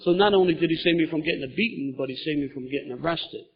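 A middle-aged man speaks to a meeting room, his voice husky and slightly high. He tells his story in an animated way, his voice rising as the tale gets wilder. The recording sounds dull and lo-fi. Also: fast talker. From Philadelphia, USA. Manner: animated storytelling, gets loud and laughing at funny parts. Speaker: recovering alcoholic sharing his story. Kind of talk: recovery meeting talk. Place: meeting room in front of an audience.

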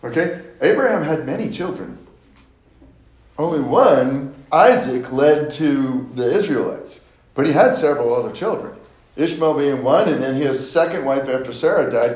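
A man's voice: fairly high pitch, a little mellow, roomy sound, poor audio. A man teaching a Bible study, retelling scripture stories casually and acting out the characters with playful asides.

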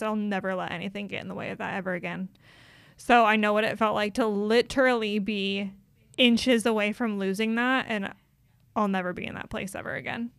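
A woman's voice: mid-range voice, clear, resonant tone, dry recording, clean studio sound. A young woman co-hosting a podcast, talking candidly and from the heart, with many "like" fillers. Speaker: podcast co-host.

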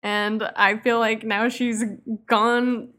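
A woman co-hosting a casual podcast chat about a TV episode, relaxed and reflective, with soft laughs. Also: on the high side, slow, smooth. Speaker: podcast co-host.

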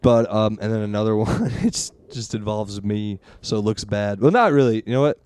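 A man's voice: fairly low pitch, moderate pace, a little mellow, dry recording. A man hosting a casual comedy podcast, telling stories and laughing often as he talks. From from Connecticut area. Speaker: podcast host.

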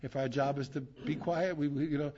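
A man, a rabbi, teaching a Torah class in an animated way, repeating phrases and restarting often. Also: fairly high pitch, brisk, background noise. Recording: dull lo-fi recording.

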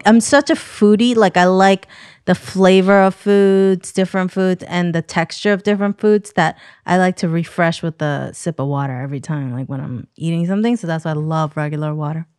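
A woman's voice: lowish voice, a little fast, darkish tone, smooth. A woman co-hosting a casual chat, giggly and talkative, with a lot of "like". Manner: giggly, chatty, says "like" a lot. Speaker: podcast co-host.

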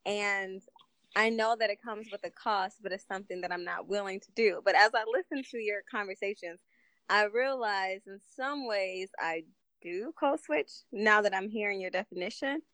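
A young woman talking casually among friends, laughing often as she tells stories with lively energy. Her voice sits in a middle range and sounds close and dry, with no room around it. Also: medium pitch, moderate pace, no room sound. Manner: laughs often, animated storytelling. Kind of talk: casual group conversation.

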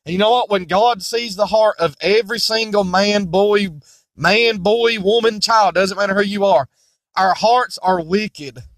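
A man's voice: high-pitched, measured pace, fairly bright tone, no room sound. A male preacher delivering an emphatic, repetitive sermon that quotes King James scripture. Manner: voices imagined objections in a mocking tone.

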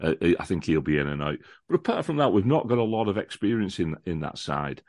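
A man with a deep, low voice talks casually about football as a podcast guest. He is enthusiastic and chatty, often restarting and repeating words. The sound is dry, with no room echo. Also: expressive, a little fast, a little mellow. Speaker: podcast guest, lifelong fan of the visiting football club. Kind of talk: casual chat, football preview.

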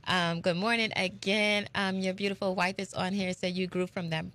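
A woman's voice: medium pitch, fairly even intonation, moderate pace, fairly bright tone. A woman hosting an interview show, talking candidly and conversationally with many fillers. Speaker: show host.

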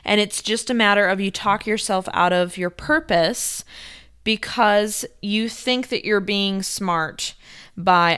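A young woman vlogger telling a story to her viewers in a chatty, animated way, laughing often and saying "like" a lot. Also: on the low side, clean tone. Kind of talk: casual storytelling to camera.

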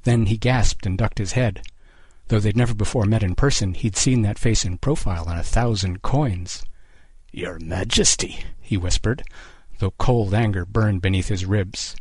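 A man reading a short story aloud as narrator, in a steady, measured way. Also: fairly low pitch, breathy edge, dry recording.

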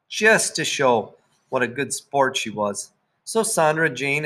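A man's voice: medium pitch, a bit bright. Man narrating a children's book. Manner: first-person storytelling, lifting his voice for the children's lines. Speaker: audiobook narrator.

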